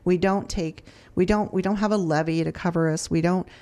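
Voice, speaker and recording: An earnest woman tells a story in a loose, conversational way, often starting her sentences over. Her voice sits a little low for a woman. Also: steady tone, fairly quick, mellow. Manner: earnest storyteller, many restarts. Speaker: food charity director. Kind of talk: casual testimony.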